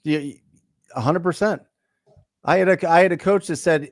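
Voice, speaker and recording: A man's voice: fairly high pitch, normal speed, long pauses, dry recording, clean studio sound. A man hosting a casual business talk, speaking emphatically and repeating phrases for stress. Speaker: podcast host.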